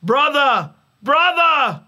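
A woman's voice: sits high, very animated, drawn-out words, pitched above the performer's own voice, exaggerated voice. A woman doing a desperate young man calling out. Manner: calling out loudly.

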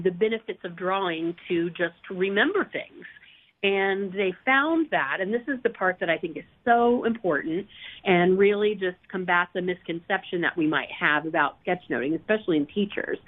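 A woman educator and author as a guest, thoughtful, with frequent fillers and self-corrections, heard over phone-line audio. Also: on the low side. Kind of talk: interview answer.

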